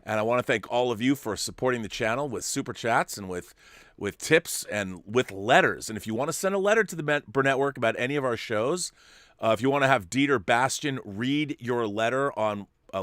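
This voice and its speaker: A man's voice: medium pitch, a bit bright, no echo. Chatty male livestream host, dry sound. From California. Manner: chatty, quick asides and chuckles. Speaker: show host reading super chats. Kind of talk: casual livestream chat.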